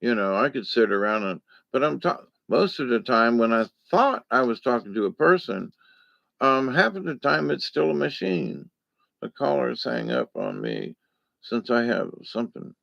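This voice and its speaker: A man's voice: mid-range voice, very animated, normal speed, creaky, no room sound, lo-fi sound. A man talking in a casual, rambling monologue, folksy and digressive, with lots of fillers. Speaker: vlogger.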